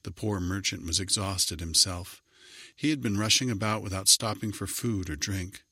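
A man narrating a children's story in an even, measured reading voice. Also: low voice, husky, dry recording.

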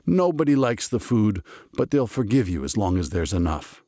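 A man's voice: lowish voice, sing-song, normal speed, warm tone, no room sound, studio quality. A man voicing an exasperated, bossy master baker in a storybook reading, talking in an insistent, emphatic way.

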